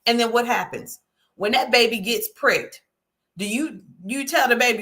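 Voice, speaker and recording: A middle-aged woman hosting a casual talk, folksy and animated, often checking in with "okay?". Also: on the high side, moderate pace. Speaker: host. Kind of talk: casual talk to a live audience.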